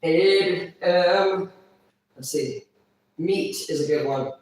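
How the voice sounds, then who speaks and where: A woman's voice: fairly low pitch, drawn-out words, darkish tone. A woman vlogger talking in a rambling, casual monologue, crude and blunt, swearing constantly. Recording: echoey room, far from mic.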